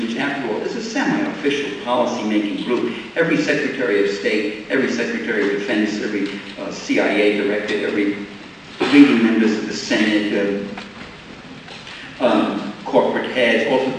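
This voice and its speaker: An older man giving a sarcastic, animated political lecture to a live audience, with frequent restarts. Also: medium pitch, slight background noise. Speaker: public lecturer. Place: large lecture hall. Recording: echoey hall, distant mic, faint ambience.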